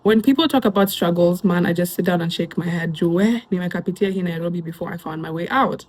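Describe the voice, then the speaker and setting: A woman's voice: lowish voice, quick pace, darkish tone. A young woman from Kenya with a Kenyan accent, a YouTuber reading online posts aloud and chatting about them casually. She laughs often and drops Swahili slang into her talk.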